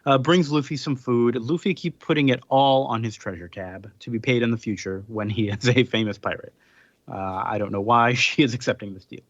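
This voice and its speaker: A man at medium pitch talks through a comic plot in a relaxed, rambling way, dropping ums and quiet chuckles as he goes. The recording is dry and a little dull, with no room sound around him. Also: a little fast, dry recording. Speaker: podcast host. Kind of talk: casual chat, summarizing a comic.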